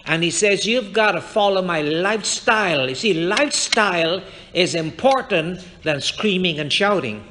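Fervent high-voiced male preacher. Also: animated, moderate pace, hardly any pauses, sharp tone, a little hiss or hum. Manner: fervent preaching, quoting scripture and addressing the congregation directly. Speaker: pastor. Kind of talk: sermon. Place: church sanctuary.

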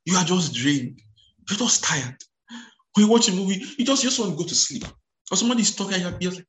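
Echoey, slightly high-voiced male preacher. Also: animated, a little hiss or hum. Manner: repeats words, stumbles and restarts, exclaims hallelujah; reads scripture aloud slowly and with emphasis. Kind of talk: sermon.

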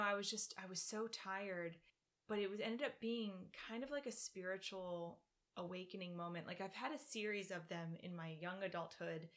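Animated woman with a low bright voice. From Virginia, US. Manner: animated, laughs often, acts out her own quotes. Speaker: podcast guest, practicing shaman. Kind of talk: casual interview storytelling.

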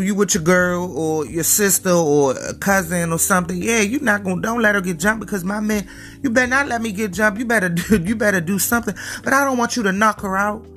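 A woman's voice: fairly low pitch, a bit bright. A woman vlogger giving emphatic, slangy, lecturing commentary straight to her viewers. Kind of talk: direct-to-camera commentary.

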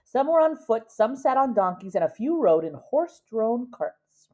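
A woman's voice: fairly high pitch, sing-song, normal speed, warm tone. A woman reading a picture book aloud to a child, stopping to explain words, on a dull lo-fi recording. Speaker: reader to a child.

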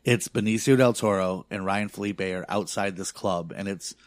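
A man's voice: lowish voice, moderate pace, no room sound, clean studio sound. A young adult man telling rambling, profane stories in casual chat. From not from a big city. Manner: profane, rambling storytelling with lots of fillers.

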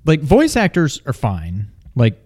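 A man's voice: medium pitch, wildly swooping pitch, measured pace, a little mellow, breathy edge. Wry, hesitant man in casual chat. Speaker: podcast co-host.

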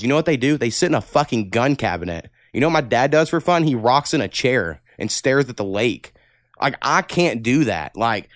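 Podcast host, man, smooth voice, dry close mic, blunt and profane chatter. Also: medium pitch, dry recording. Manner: blunt, heavy cussing, animated rants. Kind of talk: casual podcast chat, reading listener emails.

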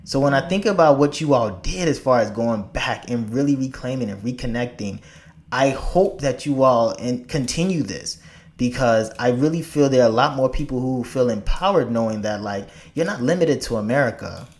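A man from Africa talking casually in a conversation, emphatic and animated, laughing often and restarting his sentences. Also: medium pitch, moderate pace.

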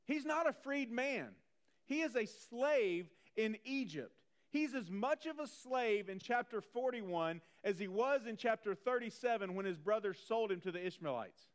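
A man preaching a sermon in a conversational way, animated and repeating phrases for emphasis. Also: very high voice, moderate pace. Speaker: pastor.

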